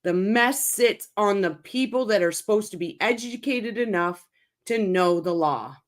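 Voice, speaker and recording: A furious woman host vents to her live chat, swearing and circling back over her words in short bursts. She talks slowly and deliberately, her voice sitting at a middle pitch. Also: animated. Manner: heated, swearing, speaks in short repeated bursts. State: angry and upset. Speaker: channel host reacting to a court case. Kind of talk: livestream commentary, reading chat.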